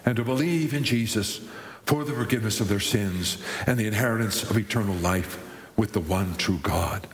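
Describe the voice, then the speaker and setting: A man's voice: mid-range voice, lively intonation, slight background noise. Man preaching in an echoey hall. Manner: halting restarts, building to emphatic lists. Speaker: pastor. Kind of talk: sermon. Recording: echoey hall with long reverb.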